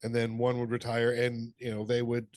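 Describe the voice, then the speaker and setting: A man's voice: medium pitch, monotone, moderate pace, darkish tone, dry recording. A middle-aged man co-hosting a podcast, chatting casually, telling funny stories, laughing and swearing freely. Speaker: podcast co-host. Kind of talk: casual chat.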